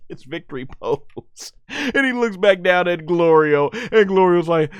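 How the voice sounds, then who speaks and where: A man giving excited recap commentary on an anime episode, laughing often and acting out the characters' lines. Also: sits high, a little slow, smooth, no echo, studio quality.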